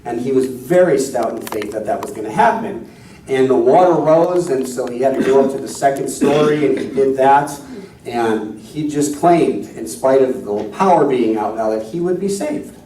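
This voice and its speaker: Mellow male minister in an echoey hall. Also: mid-range voice, distant mic, slight background noise. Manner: conversational, self-deprecating. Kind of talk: sermon with storytelling.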